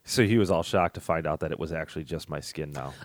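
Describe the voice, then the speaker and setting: A man's voice: a bass voice, fast, dry recording, studio quality. A man in his forties chatting casually as a podcast co-host, rambling and laughing at his own jokes. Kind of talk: casual chat.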